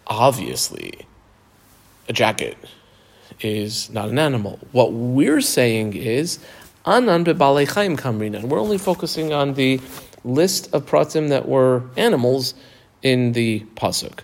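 A man's voice: mid-range voice, very animated, unhurried, vocal fry. A man teaching a text lesson, explaining step by step and asking questions as he goes. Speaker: Talmud teacher.

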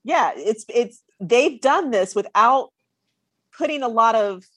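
A woman's voice: a little high, expressive, takes it slowly, fairly bright tone, breathy edge, no room sound. A woman chatting on a podcast panel, restarting her sentences as she searches for words. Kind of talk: casual podcast chat.

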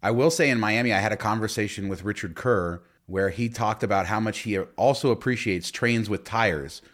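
A man's voice: fairly low pitch, normal speed, a bit bright. A man co-hosting a casual podcast chat, telling stories with many fillers and restarts. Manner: rambling storyteller with many fillers. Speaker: podcast co-host.

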